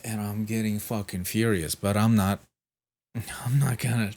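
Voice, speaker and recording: A sick man tells a long, exasperated story in a slow, unhurried drawl. His voice sits low, he clears his throat now and then, and he swears freely while imitating the people he dealt with. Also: fairly even intonation, a little mellow. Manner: profane, exasperated, mimics the people he spoke to. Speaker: vlogger. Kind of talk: casual storytelling rant.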